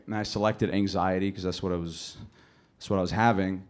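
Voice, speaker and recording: A man's voice: lowish voice, animated, fast talker, a little hiss or hum. A man doing stand-up on a club stage, rambling with lots of fillers in an anxious telling. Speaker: stand-up comedian. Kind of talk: stand-up comedy set.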